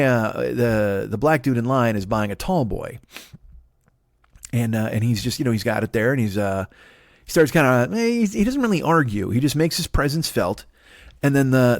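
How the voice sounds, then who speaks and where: A man's voice: mid-range voice, darkish tone, no room sound, clean studio sound. A man in his forties telling a stand-up story, ranting with heavy profanity and acting out imagined confrontations. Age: 40s. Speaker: comedian.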